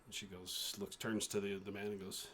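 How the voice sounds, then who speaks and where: A man narrating as game master of a tabletop role-playing game, describing scenes in a halting way with fillers. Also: fairly low pitch, level tone, fairly bright tone, a little hiss or hum.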